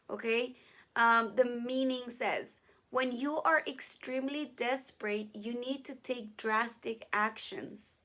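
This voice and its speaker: Higher-voiced woman teaching English idioms. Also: fairly bright tone. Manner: explains patiently with many "okay?" checks, acts out examples. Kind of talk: online vocabulary lesson.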